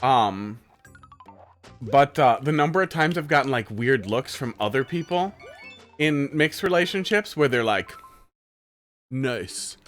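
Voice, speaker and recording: A man's voice: mid-range voice, lively intonation, unhurried, fairly bright tone, soft background music. A man streaming live, playing viewer-made game levels and giving rambling, candid critique in a casual way.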